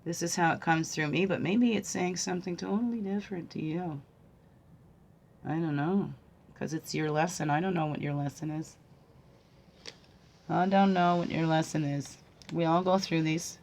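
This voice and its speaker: A woman acting as a spiritual guide and card reader. She muses softly during a livestream talk, often asks "right?", and swings from hushed tones to emphatic preaching. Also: sits low, a little hiss or hum. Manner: soft-spoken, musing, often asking "right?".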